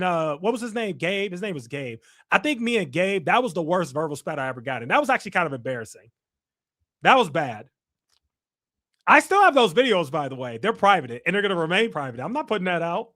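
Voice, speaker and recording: Reading comments aloud on his laid-back livestream, a young man from Chicago teases his viewers in playful trash talk. His pitch is high, with a pushed, bright quality.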